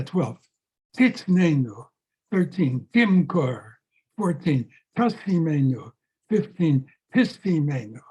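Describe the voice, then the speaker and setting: Slow, emphatic older rabbi teaching. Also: male voice, high voice, mellow, slightly rough. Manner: dramatic, repeats words for emphasis. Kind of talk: slow, emphatic scripture lesson.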